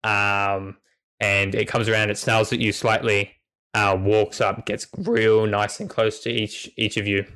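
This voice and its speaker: A man's voice: fairly low pitch, little pitch movement, a little slow, pushed and bright, smooth. Rambling man narrating a tabletop game. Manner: rambling, many fillers and restarts. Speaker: game master.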